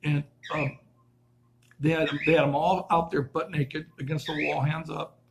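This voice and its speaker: A man's voice: a little high, little pitch movement, normal speed, vocal fry. A man casually telling a rambling, earnest story in a vlog, often restarting his sentences and acting out what other people said. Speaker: vlogger telling a prison story. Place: his van.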